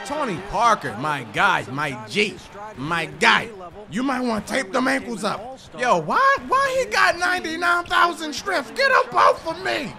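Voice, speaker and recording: A young man giving loud gameplay commentary, hyped and ranting, trash-talking the opponent as he plays. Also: very high voice, big pitch swings, unhurried, gravelly. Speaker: gaming YouTuber. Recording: game music playing behind.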